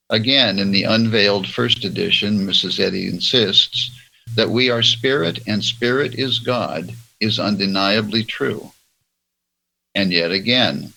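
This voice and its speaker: A man leading a church roundtable, reading religious passages aloud in a slow, measured way. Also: fairly low pitch, vocal fry, bright, forceful tone, poor audio. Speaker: church discussion leader. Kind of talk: reading and discussing religious texts.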